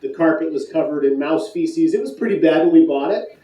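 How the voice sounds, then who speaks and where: A joking man from Michigan, USA, speaks in an echoey conference hall, far from the mic. His voice is fairly high and dark, his pace fairly quick, and as a conference speaker he puns playfully and chats with the crowd during his live talk.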